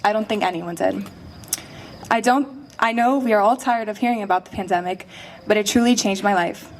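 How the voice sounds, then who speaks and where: A woman's voice: medium pitch, normal speed, slight background noise. A young woman in her late teens giving a prepared, personal speech as a graduating student, heartfelt and earnest. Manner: heartfelt, earnest, a little emotional.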